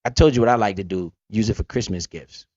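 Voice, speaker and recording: A blunt, streetwise man hosting a profane, casual money-talk livestream, with big swings in pitch as he talks. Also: fast talker, warm tone, no room sound, muffled recording. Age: adult parent. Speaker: livestream host.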